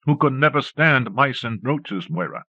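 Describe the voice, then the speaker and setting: A man's voice: mid-range voice, lively intonation, moderate pace, no echo, pitched above the performer's own voice, close to an everyday voice. A man reading an audiobook and voicing a frightened grown man who speaks shakily and anxiously. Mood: trembling. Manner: shaky, anxious. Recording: muffled dry cassette recording.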